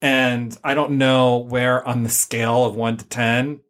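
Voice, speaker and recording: A man talking casually on a podcast, wandering through stories with plenty of ums and likes. His voice sits at an ordinary middle pitch. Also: level tone, measured pace, fairly bright tone. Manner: chatty, rambling storyteller with many fillers. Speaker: podcast co-host.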